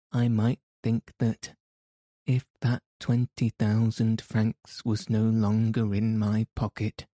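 A man's voice: lowish voice, mellow, no room sound, clean studio sound. Man reading Richard, a stern manager. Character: exasperated middle-aged male theatre manager.

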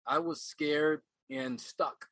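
In a relaxed interview, a middle-aged actor appearing as a podcast guest tells stories earnestly and reflectively, doubling back and repeating phrases as he searches for words. His voice sits on the high side with a bright, forceful edge and a slow delivery. The audio is poor, close and dry with almost no room sound.

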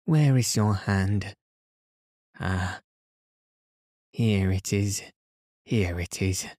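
A man's voice: sits low, drawn-out words, darkish tone, dry recording, clean studio sound, exaggerated voice. A man reading the part of a devoted young blind woman who speaks tenderly and earnestly.

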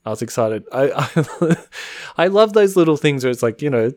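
A man's voice: on the high side, lively intonation, normal speed, a little mellow, no echo, clean studio sound. A man co-hosting a casual podcast, laughing often, swearing freely and acting out quoted lines in playful voices. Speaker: podcast co-host. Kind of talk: casual wrestling podcast chat.

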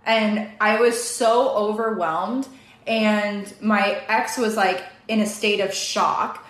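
Young woman, mid-pitched, a chatty guest who tells a story quickly with lots of "like" fillers. The room is echoey. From Canada. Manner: fast, animated, many "like" fillers. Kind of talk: casual storytelling.

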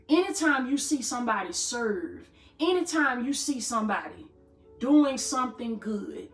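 This live-streamed sermon features a woman preacher and podcast host with a slightly high voice, heard reverberantly. Her style is fervent and rhythmic, with repeated phrases and casual calls of "baby" to her listeners.

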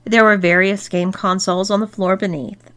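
A woman reads an erotic story aloud with steady, expressive narration. Her voice sits at a typical mid pitch for a woman. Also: normal speed. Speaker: story reader.

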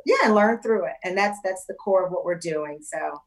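A woman guest chatting in an animated, laughing way, full of quick asides. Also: on the low side, distant mic, a crowd in the background. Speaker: guest, TV talk show host. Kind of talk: casual interview chat.

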